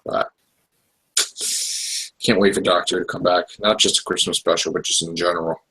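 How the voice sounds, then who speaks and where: A man hosting a podcast, chatting in a rambling, excitable way with lots of fillers. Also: low voice, normal speed, slightly rough, rough recording. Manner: rambling, excitable fan talk with many fillers. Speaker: podcast host. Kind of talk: casual podcast chat.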